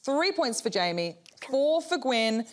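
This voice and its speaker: A woman's voice: high-pitched, sing-song, a little slow. A woman hosting a comic game show in a playful, teasing, exclamatory way, in a studio with a live audience. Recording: studio audience laughter and noise behind.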